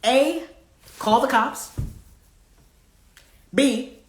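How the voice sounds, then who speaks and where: At a measured pace, a woman with a medium-pitched, slightly bright voice hosts a live card game, reading questions aloud playfully and singing pieces of songs. The room is echoey, with slight background noise.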